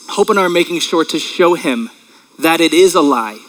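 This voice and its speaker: Tearful, earnest man preaching, bright voice. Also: fairly high pitch, poor audio. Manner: earnest, emotional, conversational preaching. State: tearful, clearing throat. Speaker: pastor. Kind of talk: sermon.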